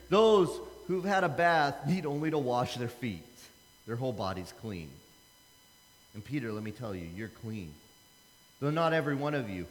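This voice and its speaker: A man's voice: on the high side, fairly bright tone. A man in his thirties preaching a casual, conversational sermon, acting out the Bible dialogue. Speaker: pastor. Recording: long hall reverb.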